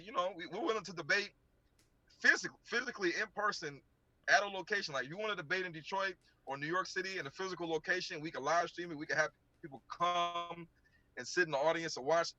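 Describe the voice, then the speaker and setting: A man's voice: on the high side, bright, forceful tone, no room sound, dull audio. A man speaking casually to his audience, rambling and often repeating his words. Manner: rambling, repeats himself while talking. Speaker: ministry speaker addressing debate challengers. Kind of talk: casual monologue.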